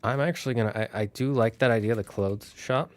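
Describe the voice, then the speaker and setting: A man thinking aloud on a casual solo stream, building out a fantasy town with halting, restarting speech. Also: mid-range voice, no room sound.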